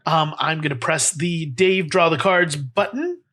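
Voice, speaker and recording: A man's voice: a little high, measured pace, sharp tone. A man hosting a comedy podcast, rambling playfully with lots of fillers. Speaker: podcast host.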